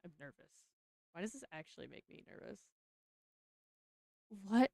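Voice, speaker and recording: A young woman streaming as she opens trading cards, talking casually, mumbling nervous asides and breaking into excited squeals. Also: medium pitch, normal speed, creaky, slight background noise. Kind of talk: casual card-opening stream chat.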